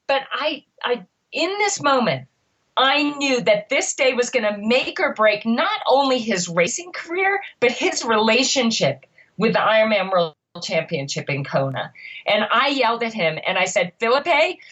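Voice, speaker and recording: A middle-aged woman with a fairly high voice tells a podcast story with animated, emphatic energy. She speaks as a triathlon coach who punches her key words. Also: moderate pace, dull audio.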